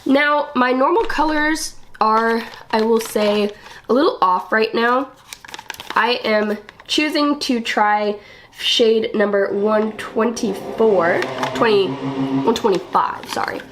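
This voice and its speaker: A woman's voice: on the high side, slow pace, a bit bright, a little hiss or hum. A young woman getting over a cold, chatting casually through a makeup vlog with a cough drop in her mouth, full of "um" and "like". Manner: chatty, lots of "um" and "like". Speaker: beauty vlogger. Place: small temporary filming room indoors.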